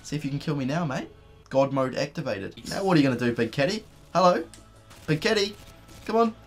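A man's voice: a little high, lively intonation, a little fast, faint music behind. A young man hosting a gaming video, giving casual, profane, joking commentary while he plays.

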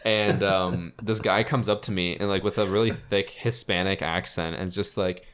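A man's voice: sits low, steady tone, normal speed, hardly any pauses, a bit bright. A young man in a casual podcast chat, telling stories full of "like" and acting out what people said. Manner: storyteller full of "like", acts out quotes. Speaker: podcast co-host.

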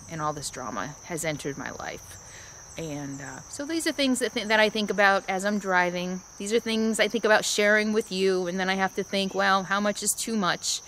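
A woman's voice: mid-range voice, fairly bright tone, slight background noise. A woman vlogging about her RV life at a trailhead, talking in a reflective, rambling way with restarts. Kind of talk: casual vlog monologue. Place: outdoors at a trailhead.

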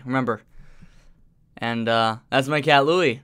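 A man's voice: a little high, normal speed, background noise. A young man chatting casually to camera as a vlogger, rambling with lots of fillers and restarts and now and then cooing affectionately at his pet. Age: young adult.

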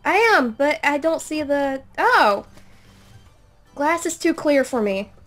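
A young woman playing a game in a very high voice that leaps around. She squeals, swears and repeats herself over and over when frustrated. Soft music plays behind her. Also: expressive, slow pace. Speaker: gamer. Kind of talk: casual gaming chat.

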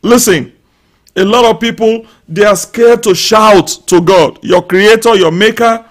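Man, pastor, high-pitched voice, fervent live sermon, shouts and loud prayer, speaks in tongues. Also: a little slow. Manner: speaks in tongues and prays aloud over listeners.

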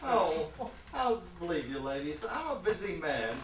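A woman on stage playing a blustering, bossy male police lieutenant, recorded from a far mic in an echoey hall with clear noise. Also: deep voice, big pitch swings, a little slow. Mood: brusque. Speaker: stage actor. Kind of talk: amateur stage play.

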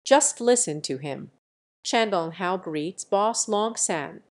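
A woman's voice: lowish voice, lively intonation, slow pace. A woman voicing an amused young woman leader in a web novel audiobook, read evenly.

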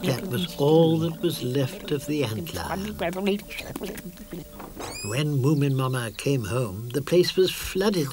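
An older British man narrating a children's cartoon in a measured storytelling manner. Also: medium pitch, big pitch swings. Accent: British English. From Britain. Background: music.

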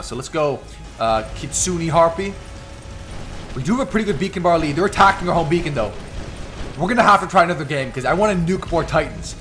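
Excitable man narrating gameplay. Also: fairly high pitch. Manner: excitable, trash-talking the enemies. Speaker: gaming YouTuber. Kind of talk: live gameplay commentary.

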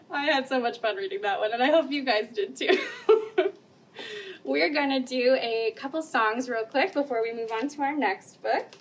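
A woman's voice: high voice, unhurried, pauses often, husky, far from the mic. A young woman children's librarian leading a bilingual story time, reading aloud and singing nursery songs with frequent laughter. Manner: cheerful, laughs often, sings nursery songs.

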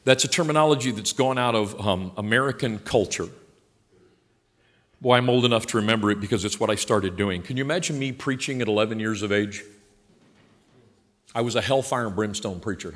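Fiery older preacher in an echoing church. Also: male voice, medium pitch. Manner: emphatic, swinging from quiet asides to loud passionate outbursts; blunt and folksy. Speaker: pastor. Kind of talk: sermon. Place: large church sanctuary. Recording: long hall reverb in a church.

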